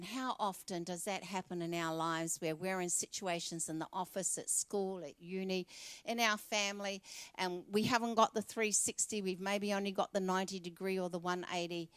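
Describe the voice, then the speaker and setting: A woman's voice: medium pitch, clear, resonant tone, no room sound. A woman pastor with an Australian accent preaching a sermon in church and speaking straight to the congregation in a conversational way. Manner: conversational, addresses the congregation directly.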